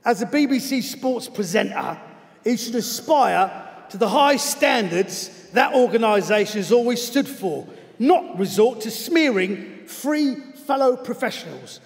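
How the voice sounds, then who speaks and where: A man's voice: extremely high pitch, very animated, measured pace, creaky, full character voice. A man voicing a blunt, scathing Cockney football coach as he reads a letter aloud on stage. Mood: scornful. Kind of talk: comic reading of a letter on stage. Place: large theatre hall. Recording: long hall reverb from a stage.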